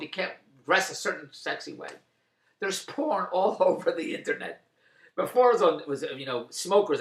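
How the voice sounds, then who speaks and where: A man's voice: sits high, pushed and bright, roomy sound. A man delivering a rambling, indignant opinion monologue, repeating himself. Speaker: commentator.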